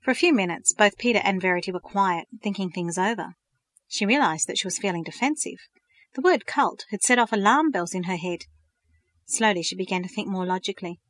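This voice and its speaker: A woman narrating a storybook with a steady, even reading. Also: mid-range voice, brisk, no room sound, clean studio sound.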